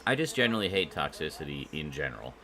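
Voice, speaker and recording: A man's voice: very deep voice, very animated, quick pace, pushed and bright. A man hosting a casual live stream, chatting with viewers in a rambling way full of fillers and restarts.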